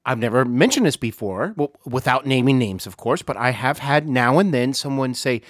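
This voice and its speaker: A man hosting an interview podcast, speaking in a friendly, complimentary way and filling pauses with uhs. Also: medium pitch, expressive, no echo, clean studio sound. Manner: warm, complimentary, uses many uhs. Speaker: podcast host. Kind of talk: casual interview chat.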